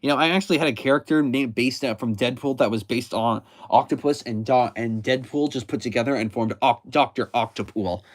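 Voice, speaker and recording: A man's voice: medium pitch, a little fast, few pauses, no room sound. A man casually recapping a comic book, rambling and often correcting himself mid-sentence. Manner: rambling, self-correcting, chatty.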